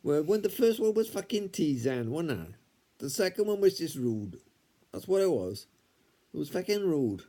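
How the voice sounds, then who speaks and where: Man, put-on Welsh-Scouse accent, blustering, sweary, innit on every line, mellow voice, tablet camera. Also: a little high, sing-song, normal speed. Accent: put-on mix of Welsh and Scouse. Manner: blustering, swears constantly, tags lines with innit. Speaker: comedy sketch performer. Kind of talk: improvised comedy bickering.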